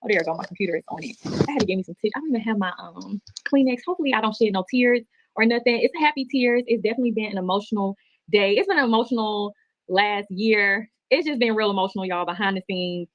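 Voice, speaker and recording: Fast-talking woman livestreaming. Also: medium pitch. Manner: chatty, heartfelt, rambling. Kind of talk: emotional livestream talk. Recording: muffled, dry replayed stream audio.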